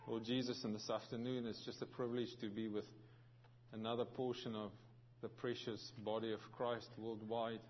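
A man's voice: mid-range voice, flat delivery, moderate pace, slight background noise. Reverent male preacher, muffled church recording. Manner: prayerful, reverent, repeating "Lord" and "Father". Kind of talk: sermon prayer and scripture reading. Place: church service.

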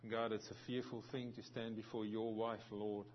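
A man's voice: fairly low pitch, level tone, normal speed, a little hiss or hum. Reverent male preacher, muffled church recording. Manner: prayerful, reverent, repeating "Lord" and "Father". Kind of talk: sermon prayer and scripture reading. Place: church service.

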